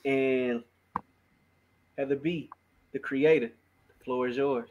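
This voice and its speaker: A man's voice: medium pitch, fairly even intonation, slow, darkish tone, muffled recording, a little hiss or hum. A man co-hosting a podcast in casual chat, tipsy and rambling, often repeating himself. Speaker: podcast co-host.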